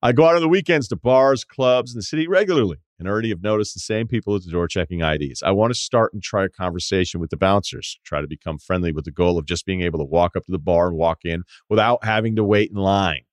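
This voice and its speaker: A man's voice: sits low, fast, few pauses, dry recording. A man hosting a casual podcast, reading a listener email aloud and riffing on it with wry, profane asides. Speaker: podcast host.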